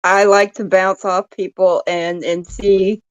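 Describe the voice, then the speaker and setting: A woman's voice: mid-range voice, little pitch movement, takes it slowly, clean tone, dry recording, rough recording. A woman calling into a live stream, chatting casually in a self-deprecating, joking way. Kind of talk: casual chat.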